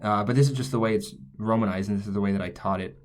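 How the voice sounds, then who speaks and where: Rapid-fire and steady in tone, a man with a voice on the low side teaches a language lesson. He explains step by step while writing on screen, reasoning aloud and repeatedly correcting himself.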